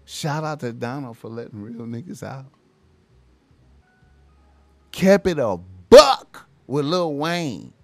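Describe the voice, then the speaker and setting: A man's voice: medium pitch, very animated, takes it slowly, creaky, long pauses, a little mellow, no room sound, faint music behind. A young man, ranting casually and profanely, repeating himself and tacking "man" onto his lines. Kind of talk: casual rant to camera.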